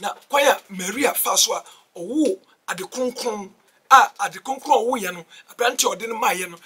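Ghanaian guy preaching hard, really high voice, kinda far from the mic. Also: a little hiss or hum. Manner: emphatic, switching between Twi and English, bursts of shouting. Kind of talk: preaching on doctrine.

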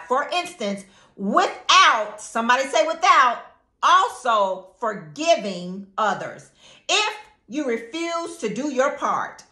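Slow, emphatic woman preacher, echoey room. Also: fairly high pitch, pushed and bright. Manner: emphatic, repeats phrases, calls for response. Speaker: devotional preacher. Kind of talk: sermon and prayer. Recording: echoey room with faint music.

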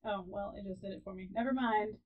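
A woman chatting casually as she plays a co-op farming game, giggly and often trailing off softly. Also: medium pitch, quick pace, phone-quality sound. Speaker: let's play host. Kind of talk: casual gaming commentary.

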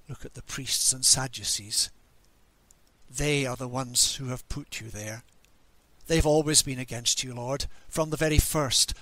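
A man's voice: mid-range voice, sharp tone, no room sound. A man voicing the grieving, angry disciple Peter at the cross in a dramatic monologue during a church service, bitter and questioning. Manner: bitter, questioning, self-reproaching.

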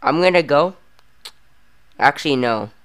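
A woman's voice: low-pitched, lively intonation, a little slow. A woman voicing a bossy young male superhero mentor in a game role-play, impatient and scolding.

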